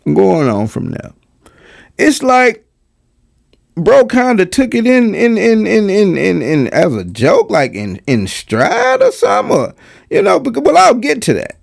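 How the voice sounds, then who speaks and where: A gravelly-voiced man reacts to a clip in casual, slangy commentary. His pitch swings wildly as he mocks what he has heard. He stumbles through restarts and rhetorical questions. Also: unhurried. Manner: mocking, animated, slangy, stammering restarts.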